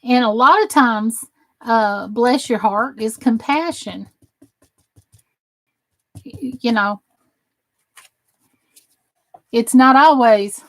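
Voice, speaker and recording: A woman's voice: on the high side, drawn-out words, long pauses, a bit bright. A middle-aged woman with a Southern American accent, casually chatting and joking with viewers during a crafting livestream. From Southern United States. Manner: chatty and joking, reading out and answering viewer comments. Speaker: crafting channel host on a livestream.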